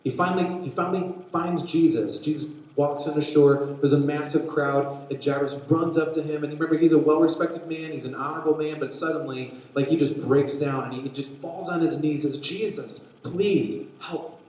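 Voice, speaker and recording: A young man teaching a Bible story to young people, telling it with animated energy and acting out voices. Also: a little high, brisk, hardly any pauses. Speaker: youth pastor. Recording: very echoey room.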